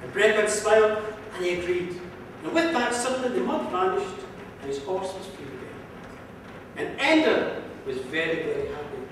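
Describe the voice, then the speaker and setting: Storyteller in an echoing hall. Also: male voice, sits high, lively intonation, normal speed, a bit bright, a little hiss or hum. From Ireland. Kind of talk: live folk storytelling. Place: museum hall. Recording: echoey hall from far off.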